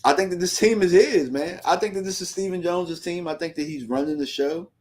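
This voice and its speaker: A man's voice: high voice, brisk, a little mellow. A man hosting a fan livestream, ranting heatedly in slangy casual talk and reading out viewer comments.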